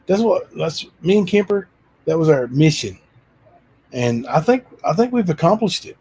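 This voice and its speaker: A man's voice: a little high, big pitch swings, normal speed, mellow, husky. A man hosting his own livestream channel, chatting loosely with frequent fillers. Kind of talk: casual chat.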